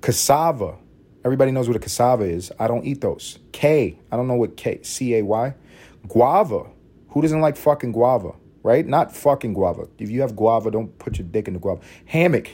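A Puerto Rican man hosting a podcast, riffing in a loose comedic monologue, profane and animated with sudden loud bursts. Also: medium pitch, fairly quick, breathy edge. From Puerto Rico. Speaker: podcast host.

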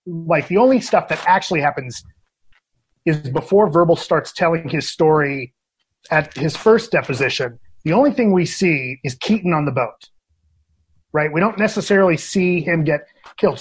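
A man on a podcast as a guest critic, talking casually and opinionated in animated rants. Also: sits high, breathy edge.

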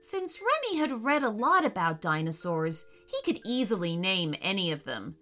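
A woman narrating a children's story in a slow, expressive way. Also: medium pitch, faint music behind.

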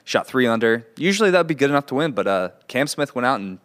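Golf podcast cohost, clean smooth voice, walks through the round and calls players out. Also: male voice, medium pitch, big pitch swings, fast, a bit bright. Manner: explanatory, opinionated. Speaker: podcast co-host. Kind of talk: casual golf analysis chat.

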